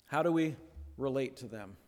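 A man preaching a sermon, pausing for effect and dropping to a near hush on key words, then building again. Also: medium pitch, lively intonation. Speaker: pastor. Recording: long hall reverb.

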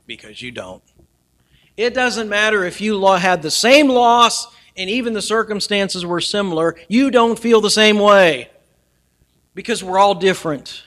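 A pastor delivers his sermon in a high, ringing voice. He is earnest and shifts between loud emphasis and hushed, near-whispered lines.

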